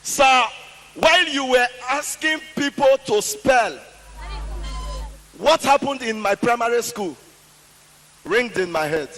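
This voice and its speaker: A man's voice: very high-pitched, animated, slow pace, pauses often, fairly bright tone. A man formally addressing dignitaries from a stage before his act, ceremonious and full of honorifics. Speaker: comedian taking the stage. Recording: reverberant hall sound.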